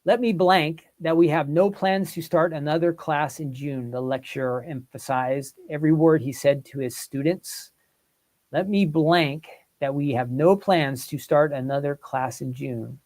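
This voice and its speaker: A man with a slightly high, slightly slow and a little mellow voice runs a casual livestream. He thinks out loud over word quiz questions and polls viewers for their answers.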